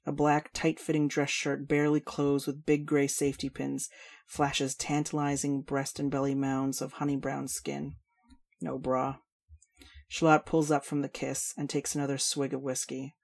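A woman reading adult fantasy fiction aloud in a steady storytelling manner. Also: extremely low pitch, normal speed, creaky. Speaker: reader. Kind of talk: fiction narration.

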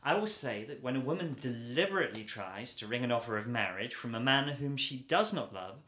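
A man's voice: mid-range voice, animated, fairly quick, sharp tone. A self-assured millionaire suitor, played by a man talks with cool, dry irony and blunt frankness. His mid-range voice rings a little in an echoey room, like an old radio play. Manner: dry, ironic, coolly matter-of-fact. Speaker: actor.

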